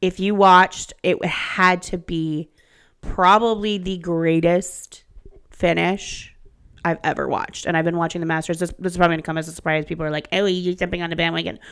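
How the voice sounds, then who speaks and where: Gravelly-voiced woman chatting on a podcast. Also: on the low side, moderate pace. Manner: profane, animated storyteller. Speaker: podcast co-host. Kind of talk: casual chat.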